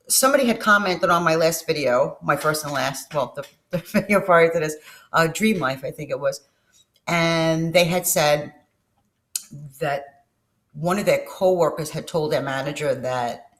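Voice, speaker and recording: A middle-aged woman telling personal stories to her viewers in a casual vlog, candid and emotional, swearing freely and often trailing off and restarting her sentences. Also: sits low. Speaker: vlogger. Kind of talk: casual personal storytelling to camera.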